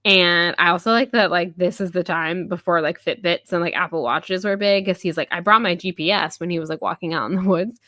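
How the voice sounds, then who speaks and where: A podcast co-host in her thirties chats casually through a book chapter, packing her talk with fillers and quick laughs and paraphrasing scenes in quick voices. Her voice is slightly low yet bright and forceful, with a steady tone. It's recorded dry and close, with no room sound.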